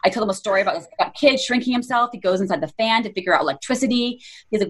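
A woman's voice: mid-range voice, expressive, rapid-fire, few pauses, a bit bright. A woman in her thirties co-hosting a podcast, chatty and self-deprecating, cursing casually as she tells stories about her young son. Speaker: podcast co-host. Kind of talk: casual chat.

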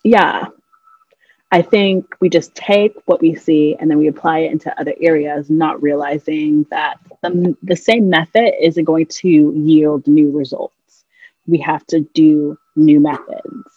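A woman's voice: low voice, steady tone, unhurried, husky, no room sound, highs cut off. A woman talking casually and reflectively, with a wry edge, as a podcast co-host. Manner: reflective, wry, mocks others with put-on airy voices. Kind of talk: casual conversation.

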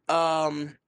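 A man co-hosting a podcast in casual chat, rambling with lots of fillers and frequent laughs, in a hazy, stoned state. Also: on the high side. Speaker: podcast co-host.

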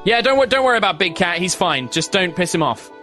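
A man voicing a brisk, bossy woman starship captain who brushes off questions in a tabletop game. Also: sits high, big pitch swings, pushed and bright, faint music behind, voice pushed up, exaggerated voice.

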